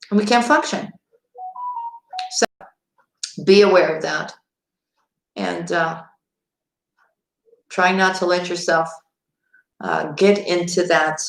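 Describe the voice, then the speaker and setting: Woman tarot reader, chatty live-stream host, laughs often, echoey room. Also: on the low side. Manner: chatty, laughs often, addresses viewers directly.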